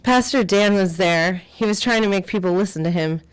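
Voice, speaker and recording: A woman's voice: medium pitch, normal speed, smooth, natural voice. A woman voicing a grown woman who recounts a church siege in a child's simple words and acts out the adults' voices. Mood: plain recounting. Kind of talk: audio drama acting.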